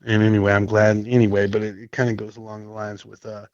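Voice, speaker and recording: A man's voice: fairly low pitch, flat delivery, fast talker, dry recording. Rambling man from Nashville, dull dry sound. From Nashville, Tennessee. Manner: rambling, many fillers, clears throat often. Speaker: podcast guest in recovery. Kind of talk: casual storytelling chat.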